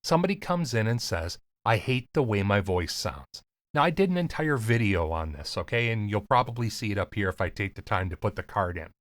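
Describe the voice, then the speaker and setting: A man with a slight lisp, coaching on voiceover in an earnest, emphatic talk to camera with deliberate pauses. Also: fairly low pitch, animated, dry recording. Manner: casual, swears lightly. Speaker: voiceover coach and podcast host.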